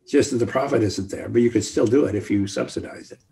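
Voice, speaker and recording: An older man with a dark, mellow tone talks as the guest expert on a video call. He speaks with emphasis and often acts out what others might say, his pitch at an ordinary middle height. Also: quick pace, vocal fry. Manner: emphatic, with quoted asides. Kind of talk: online panel talk.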